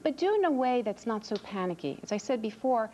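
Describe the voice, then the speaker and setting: A woman's voice: on the high side, very animated, fast, mellow, muffled recording, slight background noise. A woman author answering interview questions on a TV show in an earnest, reassuring way, often repeating words as she thinks. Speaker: author and parenting expert guest.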